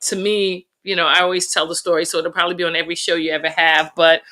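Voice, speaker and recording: A middle-aged woman appears as a podcast guest, telling lively family stories in casual chat and laughing through the funny parts. She talks fast in a lowish voice.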